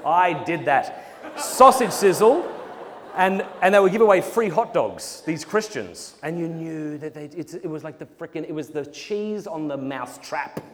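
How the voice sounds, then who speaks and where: Animated Australian man in a hall. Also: fairly high pitch, moderate pace. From South Australia. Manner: animated storytelling with acted-out quotes and laughs. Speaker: speaker. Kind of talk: humorous talk to a conference audience. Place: large conference hall. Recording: hall reverb with faint noise.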